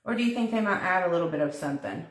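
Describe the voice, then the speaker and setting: A woman's voice: on the low side, expressive, very fast. A woman hosting a live crafting demo from her kitchen, chatting and giggling with viewers while she works. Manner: chatty, giggly, thinking aloud while working. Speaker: craft tutorial host. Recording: echoey kitchen, mic at a distance.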